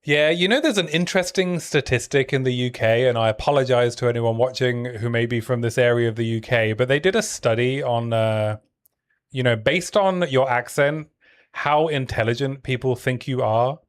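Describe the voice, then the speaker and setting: A man's voice: medium pitch, moderate pace, clear, resonant tone. A man chatting casually while streaming a video game, joking around and trailing off with fillers. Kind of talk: casual gameplay chat.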